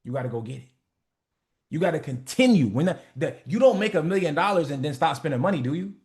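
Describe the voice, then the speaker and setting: A man's voice: on the high side, animated, fast, darkish tone. A man hosting a motivation call, talking in a blunt, profane, preachy way and acting out the people he quotes. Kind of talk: casual motivational talk.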